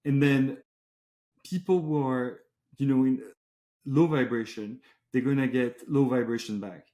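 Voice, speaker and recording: A man hosting a podcast in casual chat, telling stories in a relaxed way with long run-on lists. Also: medium pitch, a little slow, echoey room. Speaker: podcast host.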